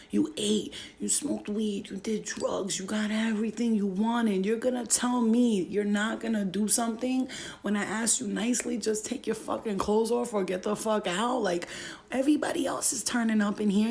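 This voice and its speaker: A woman's voice: fairly high pitch, gravelly, a little mellow. A young woman vlogger telling a story in a blunt, profane way and laughing often. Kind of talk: storytime vlog.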